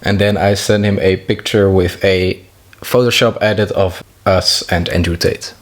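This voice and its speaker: A young man narrating a comedic vlog in a jokey, deadpan way, with asides to himself. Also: low-pitched, a little slow, faint music behind. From half French. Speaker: YouTuber.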